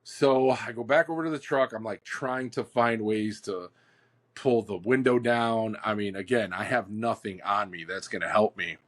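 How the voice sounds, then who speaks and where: A man co-hosting a podcast, telling a story in casual chat, animated and full of "like" and "dude". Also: lowish voice, moderate pace. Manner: animated, acts out quotes, says "like" and "dude" often.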